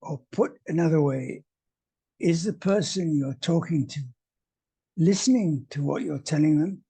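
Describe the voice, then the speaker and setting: A male English teacher presenting a video lesson at a slow, deliberate pace. His voice is mellow and a little husky, and his manner is wry. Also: on the high side.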